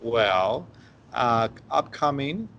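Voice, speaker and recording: A man's voice: medium pitch, sing-song, extremely slow, highs cut off, crowd noise. A man hosting a casual radio-style talk show. He speaks bluntly and gives strong opinions, restarting his sentences as he goes. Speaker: host.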